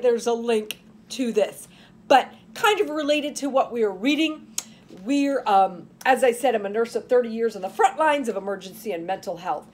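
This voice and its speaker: A woman in her fifties, a nurse and author, reading her novel aloud dramatically and chatting between chapters. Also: high-pitched. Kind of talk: audiobook narration and podcast chat.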